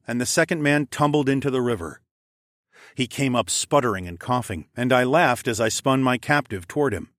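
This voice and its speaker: Brief: male audiobook narrator, mid-pitched, steady and measured, dry close mic. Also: no echo. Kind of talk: scripted first-person narration.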